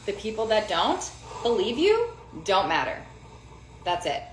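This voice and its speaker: Woman in her forties, emphatic advice talk, mid-pitched voice, roomy sound, faint hiss. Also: wildly swooping pitch, a little slow. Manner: emphatic, repeats key phrases, asks for agreement. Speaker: self-help speaker.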